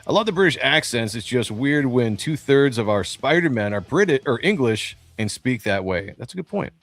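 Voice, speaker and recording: A man's voice: medium pitch, expressive, normal speed, a bit bright, soft background music. A man in his forties hosting a livestream in casual chat, rambling with many fillers and restarts over a remote call. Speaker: livestream host. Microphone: remote call over a streaming studio.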